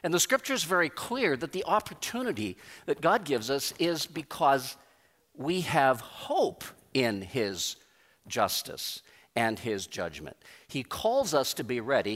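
A man preaching a sermon as pastor, emphatic, with pauses and repeated phrases. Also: mid-range voice, big pitch swings, fairly bright tone. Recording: long reverb of a large hall.

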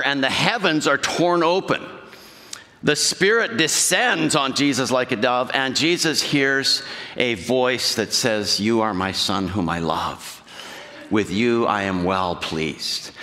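Guy preaching a sermon, bright forceful voice, chatty, keeps asking the room stuff, big church reverb. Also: mid-range voice. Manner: conversational, asks the congregation questions. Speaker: pastor. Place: church sanctuary. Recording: long hall reverb.

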